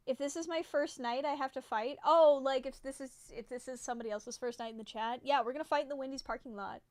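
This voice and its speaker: A young woman chats loosely with her live viewers, drifting from one thought to the next, filling gaps with "like" and frequent giggles. Her voice sits fairly high and comes across smooth and clear. The sound is dry and close. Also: fast, no echo. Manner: rambling and giggly, many fillers like "like". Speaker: livestreamer. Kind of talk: casual chat with live viewers.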